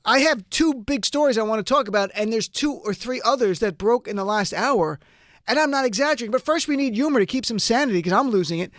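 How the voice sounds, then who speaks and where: A man hosting a live radio talk show, delivering an energetic, excitable monologue with wry asides. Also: extremely high pitch, fast talker, dry recording. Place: radio studio. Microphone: studio microphone.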